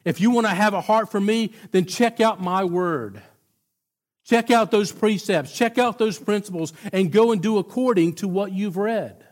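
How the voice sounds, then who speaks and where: A preacher voicing a stern scolding God. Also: male voice, sits high, moderate pace, lightly acted. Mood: admonishing. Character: stern divine father scolding, firm and warning.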